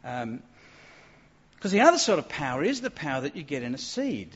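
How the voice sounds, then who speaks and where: A man's voice: on the high side, very animated, brisk, fairly bright tone, breathy edge. A man preaching a sermon to a gathered room, emphatic, with stumbling restarts as he reads and explains scripture aloud. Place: room with an audience. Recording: dull lo-fi recording with long reverb in a hall.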